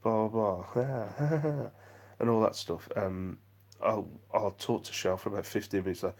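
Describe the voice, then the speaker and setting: A man's voice: lowish voice, measured pace, a little mellow. A man chatting on a live vlog stream, rambling and self-deprecating as he reads out viewer comments. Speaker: vlogger.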